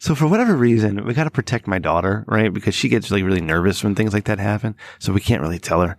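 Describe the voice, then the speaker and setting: Hoarse middle-aged man, low voice. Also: animated, fast, dry recording. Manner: rambling storyteller, swears a lot, laughs at himself. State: hoarse, sore throat. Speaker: podcast host. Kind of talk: casual podcast chat.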